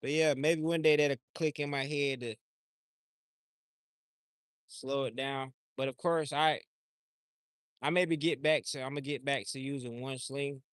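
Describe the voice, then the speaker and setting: A man's voice: mid-range voice, steady tone, a little slow, pauses often, smooth, no room sound, studio quality. A man livestreaming outdoors, talking in a loose, rambling, slangy way and often repeating himself. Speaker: livestream host. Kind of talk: casual rambling chat.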